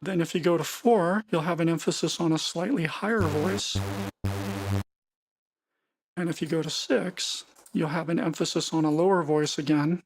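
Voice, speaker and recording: Here a tutor with a somewhat mellow, mid-range voice explains synth settings in a screen-recorded software walkthrough. They keep it casual, frequently repeating words and correcting themselves as they go.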